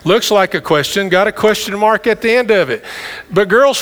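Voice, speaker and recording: A middle-aged man preaching a sermon, speaking conversationally with quick asides to the congregation. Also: high voice, animated, fairly bright tone. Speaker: pastor. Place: church sanctuary. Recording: long hall reverb.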